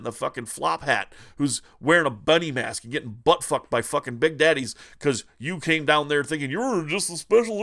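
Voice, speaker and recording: A man's voice: fairly high pitch, a bit bright. A man hosting a retro gaming channel, ranting angrily with constant profanity. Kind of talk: ranting vlog.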